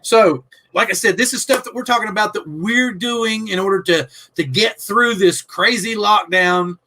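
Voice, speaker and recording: A man's voice: high-pitched, moderate pace, bright, forceful tone, a little hiss or hum. A man hosting a casual livestream chat, rambling earnestly and often restarting his sentences. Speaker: host.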